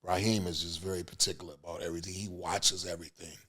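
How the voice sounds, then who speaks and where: A middle-aged man, a music business veteran, telling stories as a podcast guest in a lively, laughing, casual way. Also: low-pitched, fast. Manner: lively, laughing storyteller with many fillers. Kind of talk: animated storytelling in casual chat.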